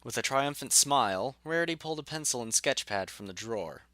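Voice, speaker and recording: A man narrating a fan audio story in a measured, even way. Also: mid-range voice, dry recording.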